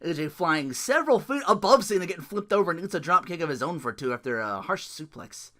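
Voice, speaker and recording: Lively laughing man recapping matches. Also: fairly high pitch, fast. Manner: laughs often, swears, animated play-by-play. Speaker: podcast host recapping wrestling events. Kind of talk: casual solo recap with impressions.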